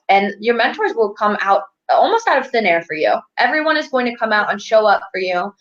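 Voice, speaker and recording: A woman who is a financial advocate and life coach talks as an animated interview guest, brisk and barely pausing, her slightly high voice fairly bright. She's candid and motivational, and the casual video call sound is dull and lo-fi.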